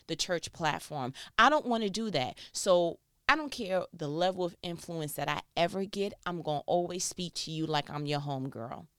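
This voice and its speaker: New woman talking church stuff, animated, jumps high then drops low, dry close sound. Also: dry recording. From New York. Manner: animated, swings between high mock voices and low confiding asides. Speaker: speaker on faith and church life. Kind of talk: casual monologue.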